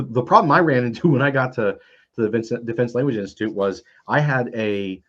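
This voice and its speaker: Low-voiced man, rambling, dull lo-fi audio. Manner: rambling storyteller with many fillers. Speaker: panelist. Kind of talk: casual panel chat.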